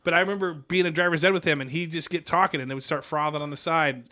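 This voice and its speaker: Bright-voiced man telling a rambling story. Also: on the high side, steady tone, quick pace. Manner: rambling, self-correcting anecdote with quoted dialogue. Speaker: podcast co-host. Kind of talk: casual storytelling chat.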